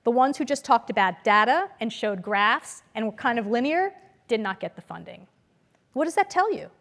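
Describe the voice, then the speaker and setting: A woman lecturer giving a conference talk to an audience, storytelling in a lively way and acting out the voices she quotes. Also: fairly high pitch, normal speed. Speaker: business school lecturer. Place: lecture hall.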